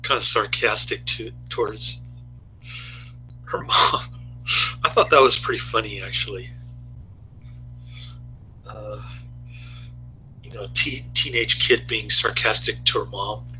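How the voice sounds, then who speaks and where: A man's voice: fairly low pitch, fairly even intonation, slow, long pauses, pushed and bright, faint music behind, rough recording. A man giving a rambling, laid-back casual video review, often chuckling to himself.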